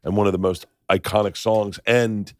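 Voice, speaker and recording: A middle-aged man hosts a podcast, telling stories in a loose, animated way. His voice sits fairly low and he slips into the voices of the people he quotes. The sound is close and dry. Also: moderate pace, no echo. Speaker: podcast host. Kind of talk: casual storytelling chat.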